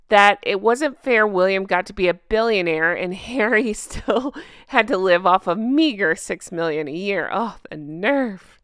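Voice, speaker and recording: A woman's voice: mid-range voice, fairly bright tone, no echo, clean studio sound. A woman hosting a reaction video, reading comments aloud and mocking them with frequent laughter and questions to her viewers. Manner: mocking and sarcastic, often laughing; asks viewers direct questions. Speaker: channel host reacting to online comments.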